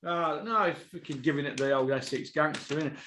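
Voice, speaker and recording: A man hosting a boxing podcast, ranting, swearing and bursting into shouts. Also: on the high side, a little fast, reverberant.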